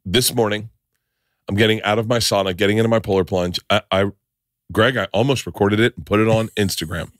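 A podcast host with a lowish voice talks fairly quickly in casual chat, telling animated stories full of swearing and acting out each scene himself. The recording is dry with clean studio sound.

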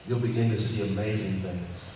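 A man's voice: lowish voice, fairly even intonation, a little fast, a little mellow, slight background noise. Folksy male preacher, easygoing, repeats lines for emphasis; recorded far off in a reverberant hall. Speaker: cowboy church preacher. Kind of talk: informal sermon. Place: church hall. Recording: echoey hall, distant mic, faint ambience.

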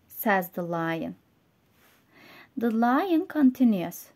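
A woman with a Turkish accent teaching English vocabulary and reading a simple story aloud, slow and clear, going word by word. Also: a little high, lively intonation, a little mellow. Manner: slow, clear, explaining words one by one.

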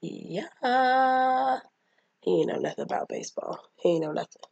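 A woman's voice: high-pitched, lively intonation, racing, vocal fry, dark tone, no room sound, lo-fi sound. A woman casually retelling a childhood movie, chatting and acting out the characters' lines. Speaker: movie recapper.

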